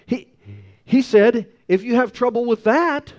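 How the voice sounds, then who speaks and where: A man's voice: very high voice, a little slow. A man in his sixties preaching a sermon with emphatic delivery and self-deprecating asides. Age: 60s. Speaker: pastor.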